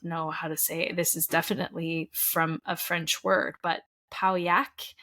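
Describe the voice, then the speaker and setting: A woman's voice: fairly low pitch, level tone, a little slow, pushed and bright. An American woman co-hosting a podcast, chatting casually, laughing often and reading lists aloud. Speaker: podcast co-host. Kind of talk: casual chat.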